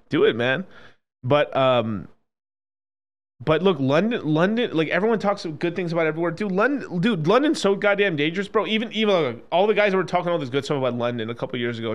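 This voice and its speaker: A man ranting casually on a stream, profane and animated, swinging between loud outbursts and low mutters.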